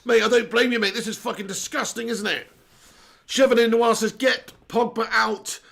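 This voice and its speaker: Guy ranting on a football watch-along stream, high voice, husky and sore sounding. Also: steady tone, moderate pace, fairly bright tone. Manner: ranting, exasperated, repeats himself. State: strained, sore voice. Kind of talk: live match watch-along commentary.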